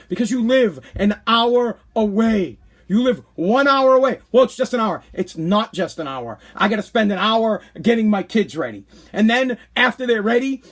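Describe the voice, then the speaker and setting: Podcast host, man in his thirties, high voice, worked-up casual rant. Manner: animated, exasperated ranting. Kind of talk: casual ranting monologue.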